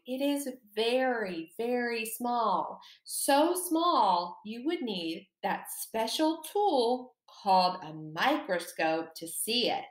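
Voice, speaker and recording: A woman teaching a second-grade lesson, slowly and encouragingly, stressing words for young children. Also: medium pitch, reverberant. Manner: slow, animated, encouraging, exaggerated emphasis for children.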